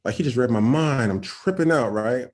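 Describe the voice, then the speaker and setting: A young man telling a personal story on a podcast, excited and nervous, acting out what others said and checking in with "right?". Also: medium pitch, normal speed. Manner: excited, acts out quoted voices, frequent "right?". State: nervous, shaking. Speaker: podcast guest. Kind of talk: storytelling testimony.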